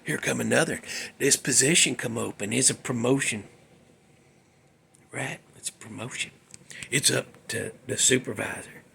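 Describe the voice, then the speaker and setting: A man's voice: medium pitch, normal speed, vocal fry, long pauses, pushed and bright, a little hiss or hum. A man hosting a show, telling a workplace story in a folksy, salty, worked-up way. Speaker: host. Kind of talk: casual storytelling monologue.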